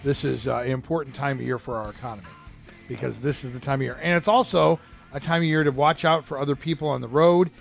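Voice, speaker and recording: A man co-hosts a radio show with a gravelly, fry-laden voice. He rambles loosely and lets his sentences fade away as they end. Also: medium pitch, fairly even intonation, fast, soft background music. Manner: rambling, trails off softly at phrase ends. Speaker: radio co-host. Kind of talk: casual radio chat. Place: radio studio.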